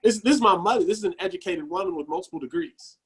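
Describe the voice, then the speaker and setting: Man, 30s, dentist on a panel; animated anecdotes, voice sits a bit high. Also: fast, breathy edge. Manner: animated storyteller who acts out quoted voices. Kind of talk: panel discussion.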